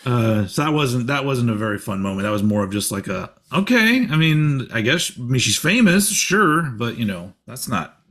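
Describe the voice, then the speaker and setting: A man's voice: mid-range voice, very animated, moderate pace, fairly bright tone. A man in his forties hosting a podcast, telling rambling stories in casual chat, swearing and laughing often. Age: 40s. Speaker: podcast host.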